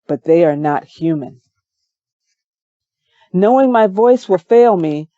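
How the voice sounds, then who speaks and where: A woman giving a measured, calm first-person audiobook narration on a close mic, in a slightly dull recording. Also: on the low side, no echo.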